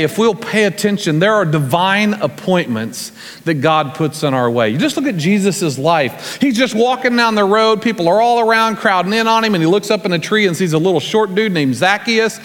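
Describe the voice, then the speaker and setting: A man preaching as a guest, telling folksy stories in a relaxed, conversational way and acting out the scenes. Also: sits high, moderate pace. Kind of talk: storytelling sermon. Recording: long reverb from a large church hall.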